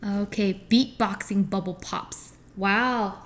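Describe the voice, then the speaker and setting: Her voice is on the high side and expressive, and she talks slowly with long pauses while slight background noise carries through. She is livestreaming her cooking from a home kitchen, reading chat aloud, replying and punning playfully with viewers.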